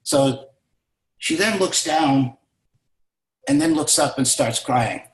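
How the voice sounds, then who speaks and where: A man's voice: fairly high pitch, expressive, slow pace. A man speaking as a business mentor, telling a motivational story emphatically and repeating key words for stress. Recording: roomy echo.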